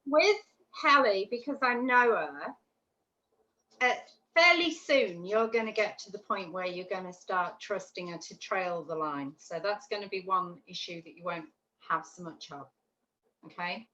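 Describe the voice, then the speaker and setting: A woman teaching a dog training class over a video call, chatty and animated, often checking in with "yeah?". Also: medium pitch, measured pace. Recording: roomy, dull lo-fi call audio with faint noise.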